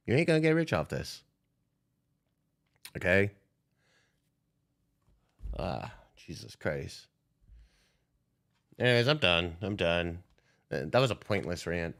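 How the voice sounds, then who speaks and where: On a stock trading livestream, a young man launches into an unscripted rant, profane and confrontational as he calls out viewers. His voice is deep, with a slightly bright edge.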